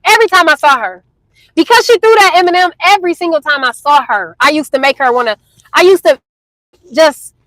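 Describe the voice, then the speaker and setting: Young woman vlogger, bright high voice, close and dry, casual animated storytime delivery. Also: a little fast, dry recording, poor audio. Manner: animated, chatty, addresses viewers as y'all.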